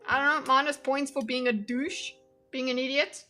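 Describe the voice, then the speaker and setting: High, bright-voiced woman streamer. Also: fairly even intonation, normal speed, soft background music. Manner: blunt, exasperated, sarcastic. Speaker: streamer commentator. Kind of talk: casual live commentary.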